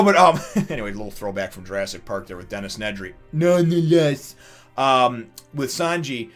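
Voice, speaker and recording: A man's voice: mid-range voice, fairly bright tone. A man hosting a casual manga review, talking enthusiastically in a rambling way full of restarts and fillers.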